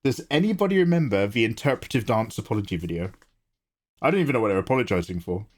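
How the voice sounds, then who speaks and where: A man's voice: fairly low pitch, lively intonation, fast. Chatty man hosting a stream. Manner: chatty, self-deprecating, reads chat aloud. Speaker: art livestream host. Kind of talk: casual livestream chat.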